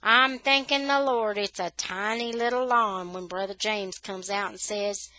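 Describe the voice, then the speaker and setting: Woman reader, expressive storyteller for a children's novel, bright voice. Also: mid-range voice, a little slow, hardly any pauses, dry recording, rough recording. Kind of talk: reading a children's novel aloud.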